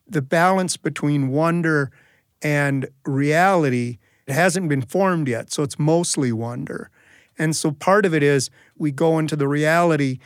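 A man with a somewhat high voice, telling warm-hearted family stories in a folksy, reflective way. His comic timing lands the punchlines. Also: smooth. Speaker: storyteller and guest. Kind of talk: storytelling for an audience.

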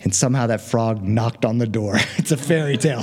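A man telling a fairy tale live to an audience, animated and chatty with playful asides. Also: medium pitch, moderate pace, hardly any pauses, long reverb tail. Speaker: storyteller. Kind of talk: live oral storytelling.

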